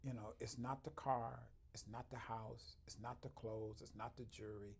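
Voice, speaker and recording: With a flat delivery at normal speed, this medium-pitched, creaky-voiced man speaks as an interview guest, earnestly sharing stories. He's a chiropractor who quotes the people he's met and laughs at his own anecdotes, and there's a slight hiss or hum in the background.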